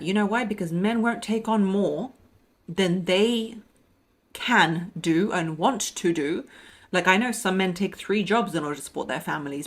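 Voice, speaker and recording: Animated woman relationship coach. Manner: animated, acts out quoted voices with pitch jumps. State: pregnant. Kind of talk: coaching monologue.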